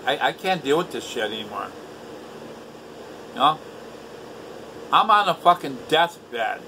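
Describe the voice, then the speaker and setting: A man's voice: a little high, very animated, unhurried, bright, forceful tone, slight background noise, poor audio. A man in later life ranting to camera at home, bitter and profane, repeating himself. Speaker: vlogger. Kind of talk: angry rant to camera. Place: indoors at home.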